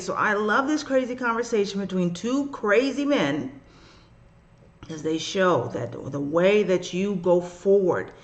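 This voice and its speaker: This is a middle-aged spiritual reader talking through scripture in a casual, heartfelt way. The voice sits at a middle pitch, and the delivery is animated and emotional. It breaks into slangy voices for the figures in the stories. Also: lo-fi sound. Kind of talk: casual spiritual teaching monologue.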